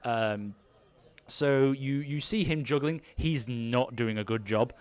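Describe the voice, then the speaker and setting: A man with a medium-pitched, slightly mellow voice takes his time. He's the game master narrating an improvised tabletop game, rambling along with plenty of fillers and restarts.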